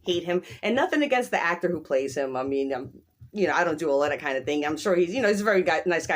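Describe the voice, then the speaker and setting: A woman chatting casually as she recaps a show, animated and emphatic, breaking into quick quoted voices and frequent laughs. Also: on the low side. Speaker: show reviewer.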